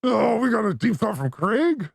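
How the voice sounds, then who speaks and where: High-voiced, gravelly man riffing crudely. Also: very animated, normal speed, dry recording, soft background music. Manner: joking, playful, swings between loud bursts and mutters. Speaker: podcast host.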